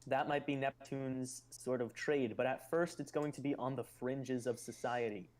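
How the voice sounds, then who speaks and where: A man hosting a live stream in casual explanatory chat. He muses aloud and speculates, with loose fillers between his points. His voice sits at a middling pitch for a man. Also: fairly even intonation, moderate pace, a little mellow.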